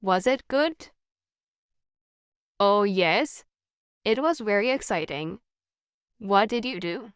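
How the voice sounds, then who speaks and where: Woman, scripted conversation reader, very unhurried pace, dry close sound. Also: medium pitch, animated, clean tone, no room sound. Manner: slow, evenly paced, carefully articulated. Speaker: English practice dialogue voice.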